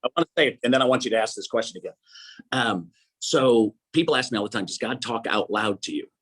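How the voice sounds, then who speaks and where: Excitable husky man telling faith stories. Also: mid-range voice, fast. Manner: excitable, acts out quoted voices. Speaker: guest speaker. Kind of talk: animated faith talk.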